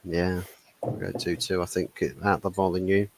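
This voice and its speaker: Low, creaky male panelist, halting and self-mocking. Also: level tone, background noise. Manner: hesitant, many fillers, laughs at himself. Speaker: football podcast panelist. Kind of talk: casual chat.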